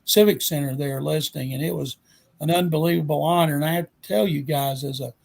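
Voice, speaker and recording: A man in his seventies with a Texan accent, a guest sportswriter telling animated anecdotes in an interview. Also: fairly high pitch, brisk, vocal fry. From Texas. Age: 70s. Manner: animated anecdote-teller, acts out quotes. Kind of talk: storytelling interview.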